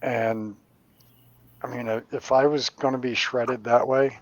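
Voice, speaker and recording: A man's voice: medium pitch, unhurried, rough recording. A middle-aged man, a medium, telling stories in casual chat. He swears freely and acts out the voices of the people in his stories. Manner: animated, profane storyteller acting out voices.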